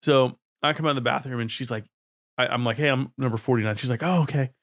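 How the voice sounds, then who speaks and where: A man's voice: mid-range voice, steady tone, fast, gravelly, a bit bright, no echo, studio quality. A man co-hosting a casual chat, recounting a story in a laid-back way. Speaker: podcast co-host.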